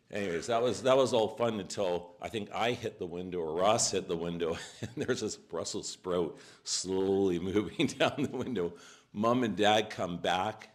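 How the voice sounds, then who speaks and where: Low-voiced man at a memorial, halting tribute with fillers. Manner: halting, many fillers and restarts. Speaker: family member giving a eulogy. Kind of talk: memorial speech, personal stories.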